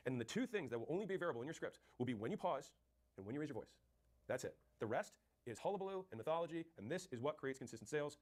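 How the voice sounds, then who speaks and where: A man with a fairly high-pitched, very animated voice gives rapid, punchy, direct sales coaching, acting out both sides of sales calls and taking questions. There's a little hiss or hum on the recording.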